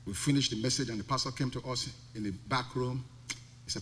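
A man's voice: medium pitch, a little fast, fairly bright tone, slight background noise. A male pastor preaching a sermon, emphatic and full of rhetorical questions. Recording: long reverb of a large hall.

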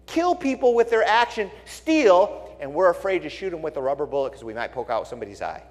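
A man's voice: a little high, normal speed. A male pastor giving a sermon, telling stories bluntly and with wry asides. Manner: blunt, wry, animated storytelling. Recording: long reverb in a large hall.

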